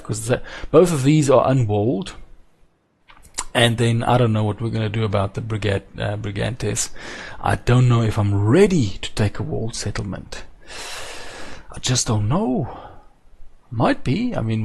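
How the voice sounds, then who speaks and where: A man casually commentating his own strategy game play, chatty and musing aloud, muttering numbers and slipping into quick silly voices. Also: medium pitch, vocal fry, a little mellow, slightly rough. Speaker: gameplay commentator.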